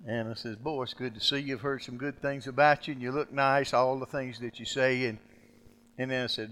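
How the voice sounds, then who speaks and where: An older man preaching a sermon, folksy and storytelling, swinging between loud preaching and quiet asides. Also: medium pitch, steady tone, a little fast. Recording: long hall reverb.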